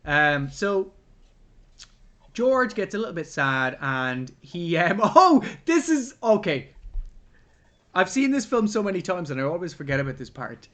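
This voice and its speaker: A man's voice: fairly high pitch, a little slow, long pauses. A man co-hosting a podcast, chatting casually about a film, swearing and acting out scenes. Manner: animated, swearing, acts out scenes. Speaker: podcast co-host. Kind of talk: casual film review chat.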